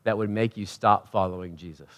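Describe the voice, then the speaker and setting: A pastor delivering a sermon, rising to loud emphatic peaks and dropping to quiet, personal asides, talking conversationally and asking the congregation questions. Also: male voice, steady tone, a little fast. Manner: swings from loud preaching peaks to quiet intimate lows; conversational, self-correcting, asks the crowd.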